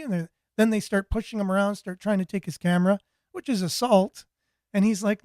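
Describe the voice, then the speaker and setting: Guy hosting a talk show, fairly high voice, dry sound, rambles and restarts a lot. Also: steady tone, a little fast, darkish tone, no room sound. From Canada. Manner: rambling, repeats words and restarts. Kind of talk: casual commentary, reading viewer comments.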